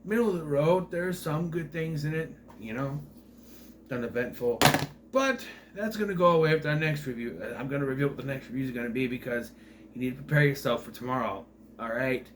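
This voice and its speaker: A man rambles through a casual movie review vlog in a sarcastic, exasperated way. His voice sits at a middle pitch, and he keeps circling back to his complaints. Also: a little fast, slight background noise.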